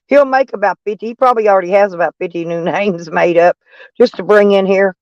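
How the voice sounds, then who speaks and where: A woman's voice: medium pitch, fast, a little mellow, dry recording, highs cut off. A middle-aged woman chatting casually on a live stream, mocking and sarcastic toward trolls in her chat. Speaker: van life streamer.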